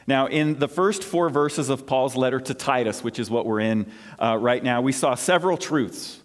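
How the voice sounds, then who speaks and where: A man's voice: medium pitch, normal speed. A male pastor preaching a sermon in a church, stressing his points through repetition. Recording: long church reverb.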